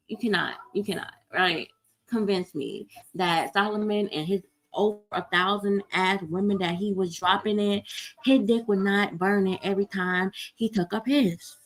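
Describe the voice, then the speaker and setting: A woman's voice: mid-range voice, rough recording. A woman hosting a casual livestream, talking bluntly and profanely, reading viewer comments aloud and answering them, often restarting her sentences. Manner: blunt, profane, fast rants with repeated restarts. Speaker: livestream host. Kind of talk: casual unscripted livestream talk. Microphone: computer mic on a livestream.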